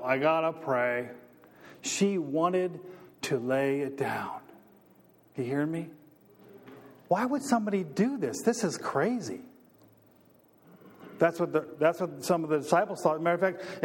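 A man's voice: darkish tone, in a large hall. A man preaching a sermon, building intensity through repeated phrases and rhetorical questions. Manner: preaching with building repetition, rising in pitch and force. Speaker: pastor.

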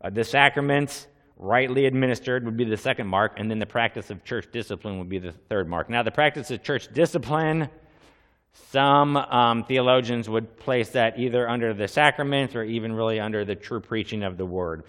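A man's voice: mid-range voice, moderate pace, a bit bright. A man preaching as a pastor, opening with a prayer and then teaching in an earnest, conversational way, with asides and repeated questions to the congregation. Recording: long hall reverb.

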